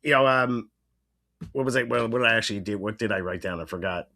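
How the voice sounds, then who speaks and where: Young guy rambling on a podcast, lotta likes and you knows, kinda low voice. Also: fast, gravelly, pushed and bright. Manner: rambling, filler-heavy, swears casually. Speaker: podcast co-host. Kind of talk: casual chat.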